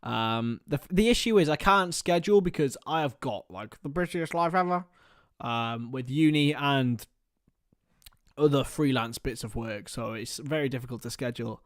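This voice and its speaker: A young man hosting a casual live stream, chatting with viewers by name and bursting into excited shouts. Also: medium pitch, normal speed, no room sound, clean studio sound. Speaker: livestream host.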